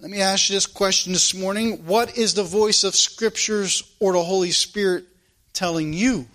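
A man with a high, somewhat bright voice preaches a sermon at a moderate pace. He is folksy and emphatic, reading scripture aloud and acting out the Bible characters in the story.

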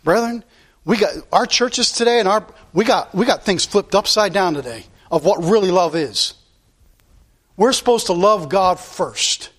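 A man's voice: high-pitched, animated, measured pace, a bit bright. A male pastor preaching a sermon in a blunt, impassioned way, repeating his points.

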